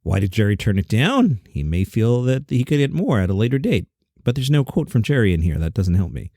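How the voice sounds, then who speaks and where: Wry, animated male comedy-news host. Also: lowish voice, brisk, no echo, clean studio sound. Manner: wry, rambling, self-deprecating asides. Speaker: podcast host.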